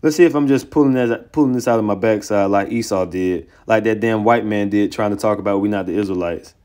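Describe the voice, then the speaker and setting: In a heated online sermon, a religious teacher with a lowish voice speaks briskly, combative and excitable. He taunts opponents with profanity, then reads scripture aloud, pausing to comment on the verses.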